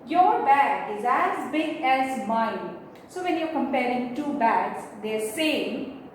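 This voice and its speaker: Lady teacher going slow over grammar, high voice, echoey room far from the mic. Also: expressive, slight background noise. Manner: explains step by step, spells out letters. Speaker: English teacher. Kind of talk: slow classroom grammar lesson.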